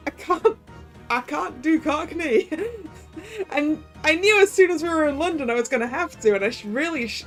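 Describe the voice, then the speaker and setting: A high-voiced woman streaming a story game, muttering and self-deprecating as she tries out character voices. She talks at an easy, unhurried pace. Quiet game music sits in the background. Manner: chatty, self-deprecating, laughing at herself. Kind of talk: game playthrough, reading voices aloud.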